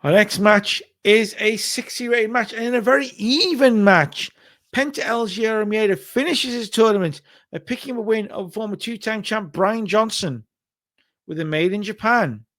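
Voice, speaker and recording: A man's voice: high-pitched, moderate pace, fairly bright tone. A man casually narrating and recapping matches in a wrestling simulation game. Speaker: game commentator. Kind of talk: let's play narration of a wrestling sim.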